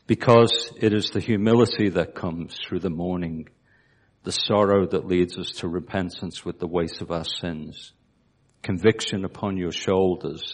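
A man's voice: sits low, a little mellow. A man preaching a sermon, asking his listeners rhetorical questions. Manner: asks the congregation rhetorical questions.

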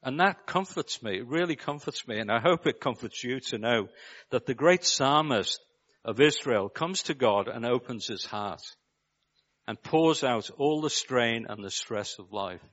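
A preacher from Liverpool with a Scouse accent, giving a measured sermon and putting rhetorical questions to his listeners. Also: medium pitch, expressive, fairly bright tone, muffled recording. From Liverpool, England.

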